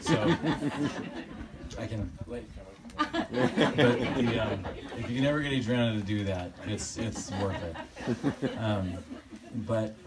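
Man giving a eulogy from afar. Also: fairly low pitch. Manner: halting, fond storytelling, often chuckling. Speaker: family member giving a eulogy. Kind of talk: personal eulogy with stories. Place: memorial service gathering. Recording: distant mic with background noise.

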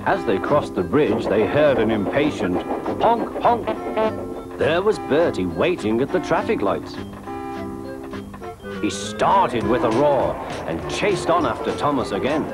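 A man narrating a children's storybook in a lively, expressive, confiding way. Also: mid-range voice, unhurried. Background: loud music.

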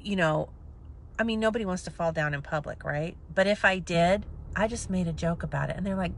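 A woman in her thirties telling her story to camera in a chatty, self-mocking way, swinging between hushed asides and loud outbursts. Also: mid-range voice, expressive, brisk. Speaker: vlogger, makeup seller.

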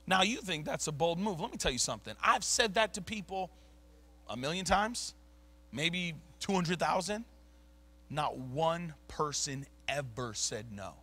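A man preaching a sermon, telling stories in casual slang and swinging from low mutters to loud bursts. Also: expressive, a little slow, dry recording. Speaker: pastor. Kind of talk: sermon storytelling. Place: church sanctuary.

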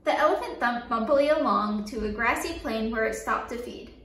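High-voiced woman reading a children's book. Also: fairly quick, far from the mic, a little hiss or hum. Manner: lively, playful sound effects and call-and-response. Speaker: story time reader. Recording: echoey room, voice a bit off-mic.

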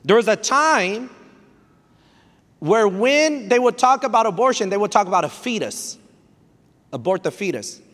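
Stammering pastor in a reverberant church. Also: male voice, high voice, a bit bright. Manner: emotional storytelling with many restarts and stammers; mixes in Spanish phrases. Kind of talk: sermon. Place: church hall. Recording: live sermon with long hall reverb.

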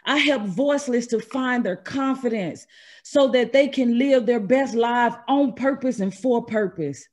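A woman from Mississippi, a trauma specialist, telling her personal story in an earnest, measured and emphatic way over a video call. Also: on the high side. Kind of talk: personal story told at an online event.

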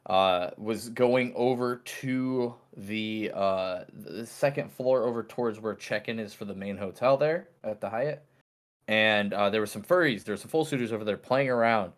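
A man's voice: fairly low pitch, normal speed. Rambling man telling a story on a podcast. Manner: rambling storyteller, many fillers and restarts. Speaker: podcast co-host. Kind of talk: casual podcast chat.

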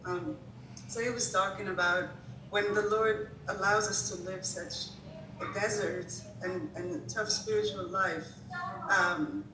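A woman's voice: medium pitch, fairly even intonation, echoey room, recorded from a distance, background noise. A woman guest in a casual faith discussion, speaking hesitantly with many fillers. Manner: hesitant, halting, full of fillers.

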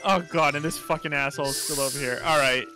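A man co-hosting a let's play, crude and joking, laughing often and jumping into high squeaky bits. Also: fairly even intonation, fast, bright, forceful tone, faint music behind. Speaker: let's play co-host playing the game. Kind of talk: casual gaming chat.

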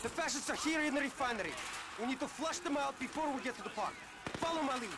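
A man voicing a stern Soviet sergeant who barks short, clipped orders at his men. He sounds high and strained, with loud noise behind him. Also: animated, fast. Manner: barking terse orders. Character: stern male Soviet sergeant, game character.

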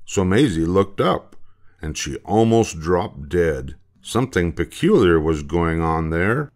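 An older man reading a children's picture book aloud in an expressive, unhurried way. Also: sits low. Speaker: storybook reader.

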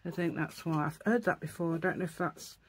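A woman's voice: fairly low pitch, a little fast, slight background noise. A woman hosting a casual crafting tutorial, thinking aloud as she works and often correcting herself. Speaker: craft channel host.

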